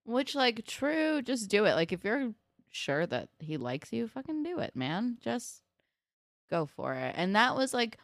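A young woman casually recapping a TV episode, chatty and quick to swear, acting out characters' lines. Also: fairly high pitch, big pitch swings, dry recording, clean studio sound. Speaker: podcast co-host.

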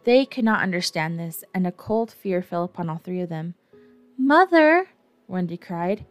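A woman narrating a classic children's story gently, with a wry touch. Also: fairly low pitch, brisk, no room sound, soft background music. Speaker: audiobook narrator.

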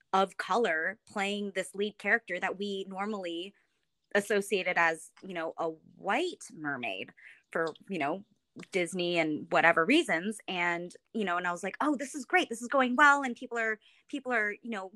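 Woman in her thirties, guest storyteller; bright, dry close sound, acts out quotes with big pitch leaps. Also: no room sound. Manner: many fillers and restarts. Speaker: podcast guest, actress. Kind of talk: casual storytelling chat.

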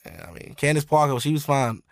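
A man co-hosting a podcast, chatting casually and profanely about sports, animated and quick to mimic athletes. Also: fairly high pitch, vocal fry, no echo, studio quality. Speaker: podcast co-host.

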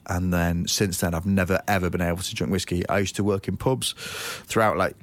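A man's voice: deep voice, fairly even intonation, a little fast. A man, a comedian guest, telling rambling anecdotes in casual chat, acting out what people said and swearing freely. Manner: rambling anecdotes with lots of acted-out reported speech and swearing.

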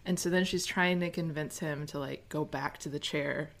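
Low-pitched woman co-host, relaxed. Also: moderate pace, creaky. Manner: relaxed, corrects herself mid-story. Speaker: podcast co-host. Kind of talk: casual recap chat.

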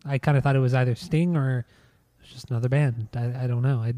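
A man's voice: mid-range voice, steady tone, a little fast, dark tone, dry recording. A man co-hosting a casual music podcast, talking loosely, swearing and trailing off mid-thought. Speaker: podcast co-host. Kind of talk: casual chat about music.

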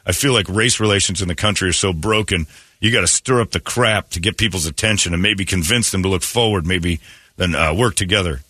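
A man in casual comedic chat, riffing animatedly and jumping into high mocking voices for bits. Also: a little fast, bright, forceful tone, slightly rough, no echo.

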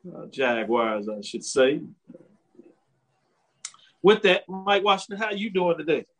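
A man's voice: on the high side, big pitch swings, fairly bright tone, low-quality recording. Upbeat talk radio host, man. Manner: upbeat, chatty, quick asides. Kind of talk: radio show and podcast hosting. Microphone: home studio mic.

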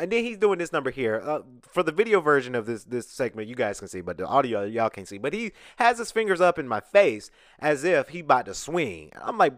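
A man's voice: medium pitch, brisk, hardly any pauses, dry recording, studio quality. A man from Atlanta, hosting a podcast and telling a story in casual chat, acting out what other people said. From Atlanta, USA. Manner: animated, acts out quoted people. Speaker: podcast host. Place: recording studio. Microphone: studio podcast mic.

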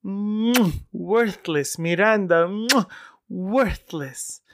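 A man putting on a soft-spoken Iranian mother. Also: sits high, dry recording, studio quality, pitched above the performer's own voice, full character voice. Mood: effusive. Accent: Persian-accented English. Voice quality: soft-spoken, halting broken English.

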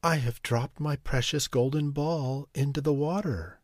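Guy doing a sobbing storybook princess, higher and softer, kinda whiny. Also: a little slow, no room sound, clean studio sound. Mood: tearful. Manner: sobbing, pleading. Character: weepy spoiled young princess.

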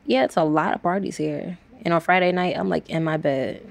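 A woman in her twenties from Washington, D.C., talks openly about her life as a student, at a quick clip and acting out the conversations she retells. Her voice sits low. The sound is dry and close. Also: fairly even intonation, no echo. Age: 20s. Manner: candid, speaks quickly, acts out quoted exchanges. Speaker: interviewee, college student. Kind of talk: recorded interview.

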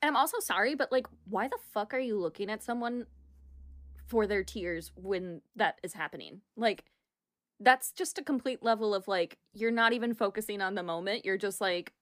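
A woman's voice: mid-range voice, moderate pace, a bit bright. A young woman co-hosting a casual podcast, swearing freely and acting out quotes. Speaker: podcast co-host. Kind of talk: casual chat recapping a reality show.

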